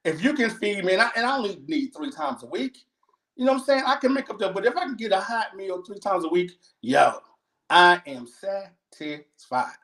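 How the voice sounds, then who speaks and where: A man's voice: sits high, very animated, fast talker, a bit bright, slight background noise. Laid-back man co-host, echoey room. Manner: laid-back, repeats "you know what I'm saying". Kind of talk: casual chat.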